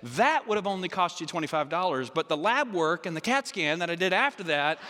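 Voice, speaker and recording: Deadpan male vet in a told joke, lower and quieter, as a preacher puts him on, hall reverb. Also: brisk. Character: matter-of-fact male veterinarian.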